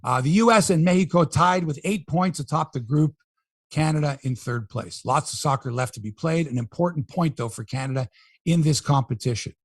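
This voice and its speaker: Husky lively sports podcast host man. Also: fairly high pitch, brisk, dry recording, studio quality. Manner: lively, jokey, riffing on sports headlines. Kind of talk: casual sports chat and score rundown.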